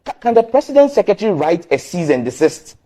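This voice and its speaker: A man's voice: high-pitched, fast. A man from Ghana, a member of parliament, arguing his point insistently in a heated political debate. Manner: emphatic, insistent, animated.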